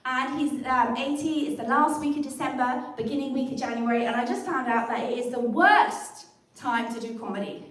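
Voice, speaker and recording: A high-voiced English woman works through a wry stand-up set, poking fun at herself. The sound is roomy and distant, with the mic set far from her. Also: moderate pace, fairly bright tone. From England. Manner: wry, self-deprecating, chatty with the live stream audience. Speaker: stand-up comic. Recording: echoey room picked up from a distance.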